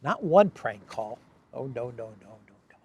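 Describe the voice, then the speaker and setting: A man's voice: medium pitch, very animated, moderate pace, mellow, slightly rough, highs cut off. A man hosting a casual political commentary show, sarcastic and playful, often laughing and drawing out words for emphasis. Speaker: host.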